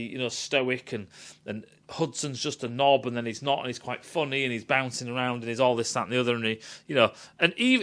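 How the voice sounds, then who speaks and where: A man giving a profane, animated rant as he critiques a film. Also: medium pitch. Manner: animated, swears a lot, acts out quotes. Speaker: film reviewer.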